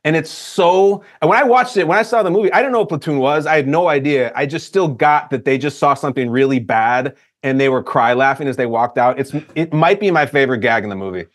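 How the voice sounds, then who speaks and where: An American man co-hosting a podcast, chatting casually and enthusiastically about a comedy film, jumping in with quick reactions. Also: on the high side. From United States. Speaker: podcast co-host. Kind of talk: casual movie chat.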